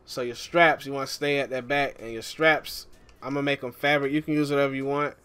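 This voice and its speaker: A relaxed man talks viewers through a game tutorial in an easygoing, chatty way. His voice is smooth and clear at a middle pitch, and faint background music plays under the voice-over. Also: fairly quick. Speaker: gaming YouTuber.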